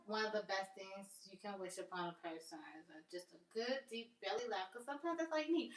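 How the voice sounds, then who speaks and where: A woman's voice: on the high side, recorded from a distance. Chatty woman, roomy and off-mic. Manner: chatty, self-amused, laughs at own jokes. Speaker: live streamer. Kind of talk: casual live-stream chat.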